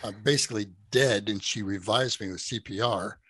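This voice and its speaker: Animated, dry-voiced middle-aged male storyteller. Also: lowish voice, normal speed, husky, dry recording. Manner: animated storyteller who laughs often and acts out quoted speech. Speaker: podcast guest. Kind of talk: casual conversational storytelling.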